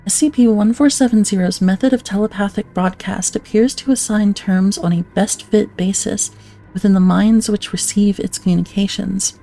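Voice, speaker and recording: A woman's voice: mid-range voice, creaky, mellow. A woman streamer reading documents aloud in a casual way, breaking off for laughing, swearing asides.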